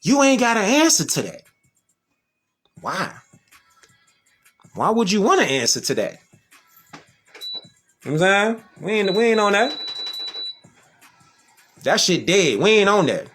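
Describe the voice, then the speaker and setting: A man holds forth in a casual monologue, his high, bright voice swinging widely as he hammers his points. He talks in slang and keeps throwing out rhetorical questions. Soft music plays behind him. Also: sing-song, a little slow, pauses often. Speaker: vlogger.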